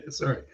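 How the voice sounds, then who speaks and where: A man's voice: fairly high pitch, gravelly, darkish tone. A man giving casual, rambling commentary on a livestream, with lots of fillers and laughs. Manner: chatty, laughing, many fillers and restarts. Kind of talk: casual commentary over clips. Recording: dull lo-fi audio.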